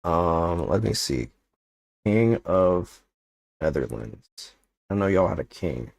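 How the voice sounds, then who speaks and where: A man's voice: low-pitched, very animated, takes it slowly, gravelly, a little mellow, no echo. A young man chatting casually on a livestream, rambling and joking with lots of filler words. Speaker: streamer.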